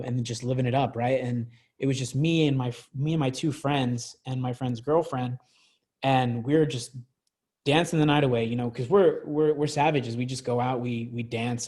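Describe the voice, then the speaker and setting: A man's voice: medium pitch, steady tone, brisk, a little mellow. Rambling young man telling stories. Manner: rambling, many fillers and restarts. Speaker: podcast guest. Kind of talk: casual storytelling.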